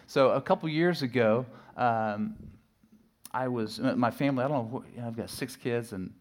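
A middle-aged pastor preaching a sermon, telling a personal story with lively swings from loud acted shouts to hushed asides. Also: male voice, medium pitch, normal speed. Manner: animated storytelling, acts out his own shouting and sudden hushed asides.

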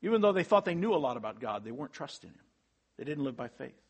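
A man's voice: on the high side, very animated, quick pace, husky. A man as pastor, preaching a sermon in an earnest way with emphatic rising peaks.

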